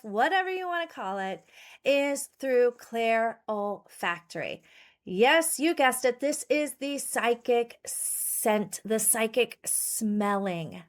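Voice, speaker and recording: A woman hosting a solo podcast, talking earnestly and telling personal stories to coach her listeners. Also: high voice. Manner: earnest, personal storytelling with occasional laughs. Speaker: podcast host and pet-business coach.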